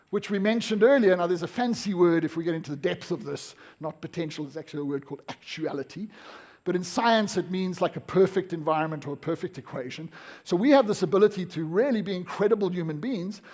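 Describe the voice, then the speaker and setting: A South African man giving an energetic, emphatic seminar talk to a live audience in an event room. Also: high-pitched. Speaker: motivational speaker.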